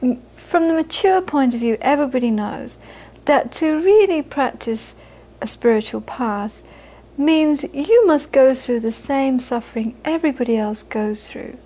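A woman's voice: sits high, expressive, measured pace, hardly any pauses, mellow, low-quality recording. A middle-aged woman teaching Buddhism in an informal talk, chatty and repeating phrases for emphasis, often laughing. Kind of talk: informal dharma talk to an audience.

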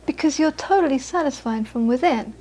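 A woman teaching Buddhism to a live audience, moving from lively anecdotal storytelling into quiet, reflective teaching. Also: sits high, fairly quick. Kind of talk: dharma talk to a live audience.

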